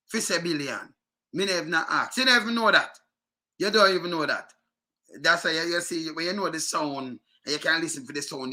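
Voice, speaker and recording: A Jamaican man comments in a casual, argumentative way and keeps circling back to the same point. His voice sits high and sounds strikingly bright and sharp. He laughs now and then while he talks. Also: normal speed. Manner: argumentative, repeats himself, chuckles often.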